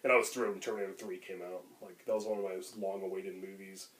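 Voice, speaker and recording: Fast-talking man chatting about movies. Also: deep voice, level tone, fairly bright tone, slight background noise. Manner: rambling, enthusiastic, many fillers. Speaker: podcast co-host. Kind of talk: casual chat.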